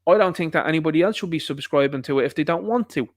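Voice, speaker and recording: Irish male commentator, blunt and scornful, slightly high voice, dry close sound. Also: racing, dry recording. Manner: blunt, combative and scornful, repeating points for emphasis. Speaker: online commentator. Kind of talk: ranting video commentary.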